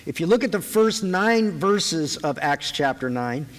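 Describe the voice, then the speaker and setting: A man's voice: on the high side, expressive, unhurried. A man preaching a sermon to a live audience, conversational and joking as he retells a Bible story. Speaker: pastor. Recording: long hall reverb.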